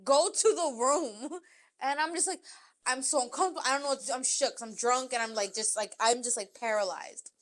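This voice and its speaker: A young woman co-hosting a podcast, telling a story in casual chat, animated and swearing, acting out quotes. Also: on the high side, fast talker. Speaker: podcast co-host.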